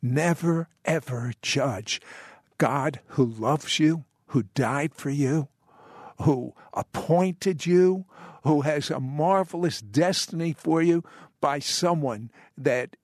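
A man's voice: on the high side, takes it slowly, a little mellow, no echo, studio quality. A man hosting a faith radio interview, eager, with stammering starts and preachy asides. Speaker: radio host. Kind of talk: interviewing a guest.

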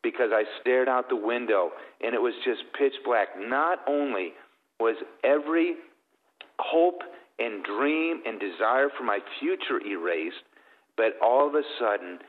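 A man's voice: medium pitch, lively intonation, unhurried. A middle-aged man, a guest, telling an emotional faith story in an earnest, tender way. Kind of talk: emotional testimony. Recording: tinny, phone-like sound with long reverb.

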